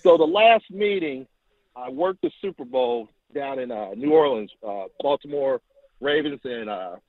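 A man calling in to tell a long story, animated and acting out quotes, heard over the phone. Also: a little slow, no room sound. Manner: animated, acts out quotes with rising pitch. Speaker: caller. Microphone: telephone. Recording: tinny phone line.

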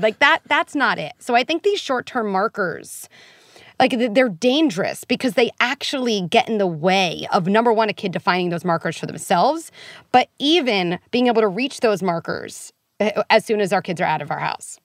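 A woman clinical psychologist appears as a guest in a podcast conversation, speaking candidly and animatedly, a little fast, in a medium-pitched voice. She acts out what parents and kids might say and is briefly tearful. The studio sound is clean, with no echo.

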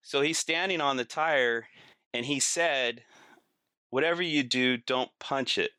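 A man's voice: medium pitch, measured pace, bright, forceful tone, clean tone, no echo, clean studio sound. A man guesting on a podcast, telling stories casually, acting out quotes and laughing through them. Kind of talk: casual storytelling.

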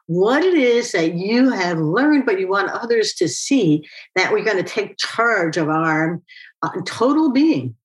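Woman interviewer, mid pitch, long thoughtful questions, chatty. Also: sing-song, unhurried, low-quality recording. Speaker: interview host and author. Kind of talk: interview conversation.

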